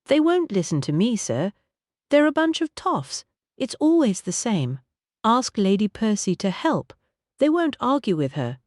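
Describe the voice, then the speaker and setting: A woman's voice: fairly high pitch, big pitch swings, measured pace, darkish tone, dry recording, voice pushed up. A plain-spoken, cheeky male household servant, played by a woman reading an audiobook. He is polite to his master but blunt about the guests, in a raised voice. The sound is dry and close. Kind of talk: audiobook character voice.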